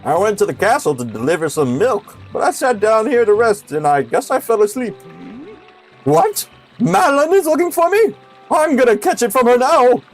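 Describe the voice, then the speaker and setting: A sleepy middle-aged ranch owner with a Southern drawl, as a man puts him on. The voice sits much higher than a plain male voice and is pushed out loudly. It is a broad video game character read aloud. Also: big pitch swings, normal speed, faint music behind, full character voice. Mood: flustered.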